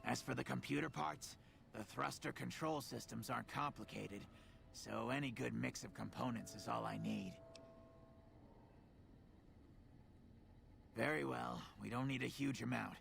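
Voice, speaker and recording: An actor voicing a proud, neurotic male ghoul engineer in a video game, with a gravelly voice and a touchy, sardonic manner. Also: normal speed, fairly bright tone, a little hiss or hum. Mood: businesslike. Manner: proud and touchy, swings to shrill outrage.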